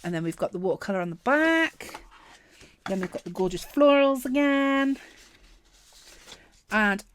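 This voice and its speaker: A woman chatting casually through a planner sticker unboxing, gushing and excitable, often trailing off mid-sentence. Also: medium pitch, measured pace, pauses often, a little hiss or hum. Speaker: planner vlogger.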